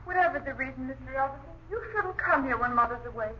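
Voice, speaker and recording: A woman's voice: sits high, animated, fast, a little hiss or hum. An actress playing a frightened young woman in an old radio drama, politely pleading with a menacing man. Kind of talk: 1930s radio drama acting. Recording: muffled old radio recording.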